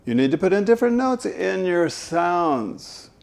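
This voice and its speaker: A man's voice: high-pitched, big pitch swings, measured pace, vocal fry. A man working as a voice coach, giving an instructional talk and demonstrating voice faults with emphatic delivery.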